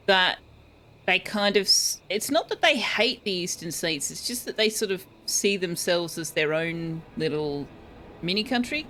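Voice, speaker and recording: An Australian woman streams a game, chatting casually with her viewers, musing aloud and laughing easily. Her voice has a fairly low pitch and a fairly bright tone, with faint music playing in the background.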